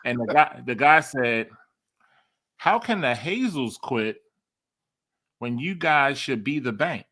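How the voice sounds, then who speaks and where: A man's voice: medium pitch, slow pace, long pauses. A man, telling a story as a podcast guest and acting out the quoted dialogue with laughs. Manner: animated, acts out quoted dialogue, laughs often.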